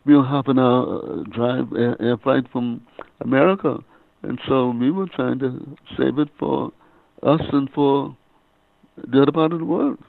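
Older guy on a phone line, gravelly, keeps repeating words, a reverend telling his story. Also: medium pitch, no room sound. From Bahamas. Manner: halting, repeats words often. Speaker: guest author and reverend. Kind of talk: casual interview storytelling.

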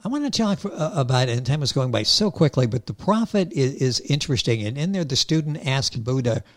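A man's voice: mid-range voice, expressive, brisk. A man hosting an interview, enthusiastic and repeating words as he restarts his questions. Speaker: interview host.

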